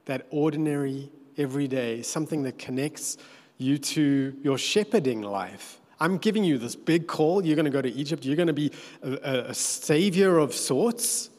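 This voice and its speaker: A man preaching a sermon, telling the story with animated, playful asides. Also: on the high side, normal speed. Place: church hall. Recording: echoey church hall.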